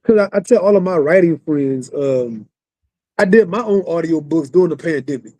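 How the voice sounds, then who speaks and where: Louisiana guy hosting a podcast, laid back, mellow tone, dry mic. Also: on the high side, expressive, moderate pace, no echo. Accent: Southern Louisiana. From Southern Louisiana. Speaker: podcast host. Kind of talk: casual podcast conversation.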